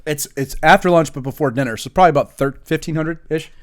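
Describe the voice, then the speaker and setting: Higher-voiced man, wry and joking. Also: fast talker. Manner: wry, joking, correcting details. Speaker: recurring podcast guest. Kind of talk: casual chat.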